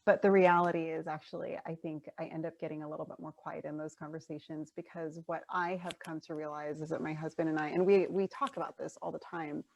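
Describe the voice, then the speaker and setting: A woman's voice: sits low, level tone, fast, vocal fry, hardly any pauses, a little mellow, slight background noise. A woman hosting an interview, affirming and encouraging her guest in casual conversation. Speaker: interview host, coach.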